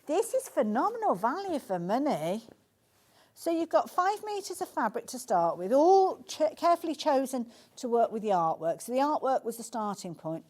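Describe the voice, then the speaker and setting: A woman with a slightly high voice hosts a live shopping channel show from a TV studio. She talks in a chatty, gushing sales patter. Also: very animated, normal speed, darkish tone.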